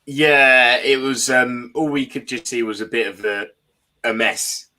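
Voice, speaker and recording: A man talking as a guest fan in a casual football chat, excitable and enthusiastic, laughing often. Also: medium pitch, measured pace.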